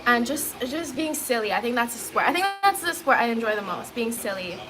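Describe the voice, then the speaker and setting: A woman with a slightly high voice chats casually on a livestream, giggling often and filling gaps with "um" and "like." Crowd chatter hums clearly behind her. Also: expressive, brisk, low-quality recording. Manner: giggly, chatty, many fillers.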